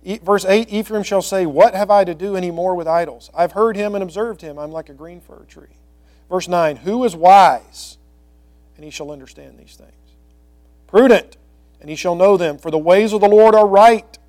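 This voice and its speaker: A male pastor teaching through scripture verse by verse, reading the old text slowly and explaining it in quick, conversational asides. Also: high-pitched, darkish tone.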